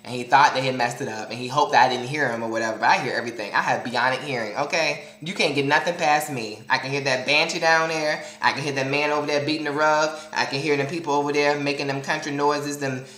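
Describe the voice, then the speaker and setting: A man's voice: mid-range voice, steady tone, fast talker, few pauses, sharp tone. Brief: man vlogger, dramatic and sassy storyteller, recorded in a roomy, echoey space. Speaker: vlogger addressing viewers. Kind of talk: casual storytelling vlog.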